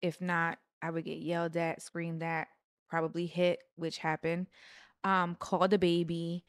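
A woman's voice: lowish voice, completely flat delivery, unhurried, no echo, studio quality. A woman co-hosting a podcast with her husband, speaking earnestly and personally, with rising emphasis. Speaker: podcast co-host. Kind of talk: casual conversational podcast.

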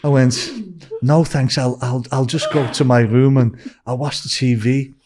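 An older Scouse-accented man from Liverpool, England, is a guest in a casual storytelling interview, telling rambling anecdotes, acting out quoted dialogue, and saying "you know" often. His voice is mid-range and steady, a little slow, with background noise.

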